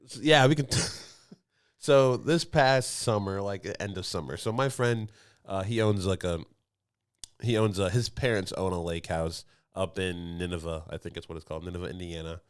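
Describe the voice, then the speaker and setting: In a podcast studio, a male co-host chats casually, spinning a meandering story punctuated by frequent laughs. He speaks in a deep, smooth voice at a moderate pace.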